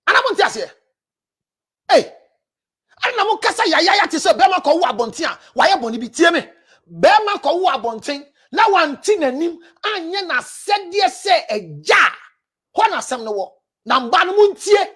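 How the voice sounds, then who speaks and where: A woman with a Ghanaian accent, a counselor preaching relationship advice, forceful and scolding, often raising her voice. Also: very high voice, very animated, normal speed.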